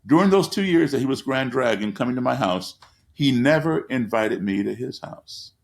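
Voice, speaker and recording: A man's voice: medium pitch, lively intonation, normal speed, gravelly. A man telling stories as a guest in an interview, speaking with an emphatic, repetitive cadence from his living room over a video call. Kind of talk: storytelling in an interview.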